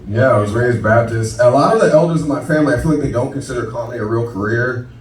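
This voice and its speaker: A man's voice: mid-range voice, fast, far from the mic. A man in his thirties from Florida doing a profane, conversational stand-up set as a comedian. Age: 30s. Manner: brash, profane, conversational punchlines. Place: comedy club stage with audience laughter. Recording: roomy club recording with loud crowd.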